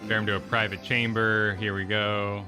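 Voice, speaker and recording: A man casually talking through a video game story with his co-host, animated and jokey. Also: on the low side, normal speed, music in the background. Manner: animated, jokey, puts on silly voices for characters. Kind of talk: casual gaming stream chat.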